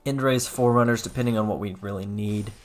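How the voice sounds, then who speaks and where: A man's voice: fairly low pitch, fairly even intonation, a little fast. Man thinking aloud over a card game. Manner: thinks aloud, self-correcting, wry. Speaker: gameplay commentator. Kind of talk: casual gameplay commentary.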